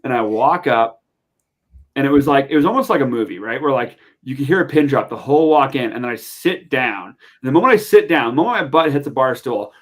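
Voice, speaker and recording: A young adult man from Montana, a podcast guest telling a story in a casual, animated way, full of fillers. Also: mid-range voice, brisk. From Montana, USA. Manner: animated, chatty, lots of fillers.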